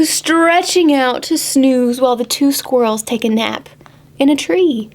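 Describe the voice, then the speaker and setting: Woman librarian, storytime reader: higher voice, unhurried and expressive, slips into hushed whispers. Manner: expressive, slow and animated, dropping to whispers. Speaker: children's librarian. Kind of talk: reading a picture book aloud to preschoolers.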